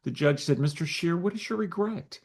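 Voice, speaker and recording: A middle-aged man, a guest on an interview podcast, telling his story with lively acted-out dialogue. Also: on the high side, normal speed, breathy edge. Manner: animated storyteller acting out quoted dialogue. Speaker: guest, nonprofit founder.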